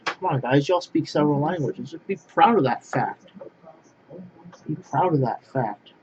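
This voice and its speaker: A man's voice: a little high, animated, normal speed, a little mellow, muffled recording, a little hiss or hum. A man ranting casually to camera in a vlog, blunt and repetitive, often restarting his phrases. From Poland. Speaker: vlogger.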